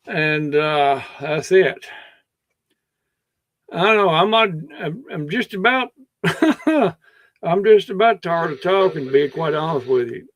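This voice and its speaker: A man with a Kentucky accent chats on a livestream, and his voice is fairly high and swings widely in pitch. His throat is a little scratchy and he drawls and meanders, often restarting his sentences. The sound is close and dry. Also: expressive, a little slow, long pauses, fairly bright tone, dry recording. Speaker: livestream host. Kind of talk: rambling casual chat.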